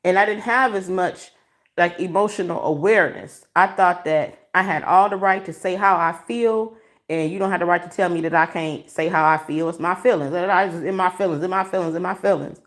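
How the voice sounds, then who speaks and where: Expressive woman chatting on a livestream. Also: on the low side, a little fast. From Michigan. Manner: emotional, expressive and preachy, addresses viewers as y'all. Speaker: livestream host. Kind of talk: casual livestream commentary to a chat. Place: at home, walking around. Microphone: phone held in hand.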